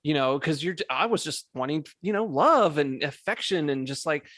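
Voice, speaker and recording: A man's voice: a little high, animated, moderate pace, a bit bright, no room sound, studio quality. A man hosting a podcast, chatting casually in a rambling, emphatic way, swearing and tripping over words. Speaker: podcast host. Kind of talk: casual chat.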